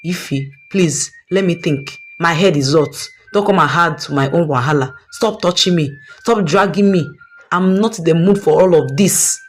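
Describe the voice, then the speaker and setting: A woman's voice: on the low side, normal speed, a little hiss or hum, lightly acted. A woman voicing a stressed, middle-aged businessman who speaks in a weary, exasperated, pleading way. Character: stressed middle-aged rich husband, now broke.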